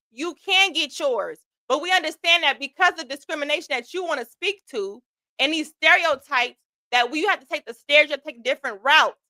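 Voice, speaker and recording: A woman's voice: sits high, sharp tone, no echo. A woman hosting a livestream, ranting bluntly and argumentatively with heavy profanity. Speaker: host. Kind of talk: heated livestream rant.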